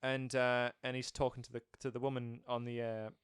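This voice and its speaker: A man's voice: mid-range voice, fairly quick, clean tone, dry recording, studio quality. A man in casual chat about a film, retelling scenes and acting out the characters' lines. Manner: animated storytelling, acting out scenes. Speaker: film reviewer.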